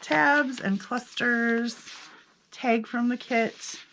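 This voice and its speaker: A woman's voice: a little high, steady tone, extremely slow, a bit bright, slight background noise. A woman casually narrating a flip-through of her handmade journals, chatty and self-amused, thinking aloud as she goes.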